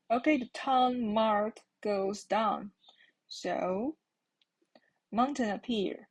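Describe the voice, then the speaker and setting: A woman's voice: mid-range voice, slow, husky. A woman giving a patient Mandarin lesson, repeating each word twice as she explains the tones. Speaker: Mandarin teacher. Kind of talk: slow explanatory language lesson.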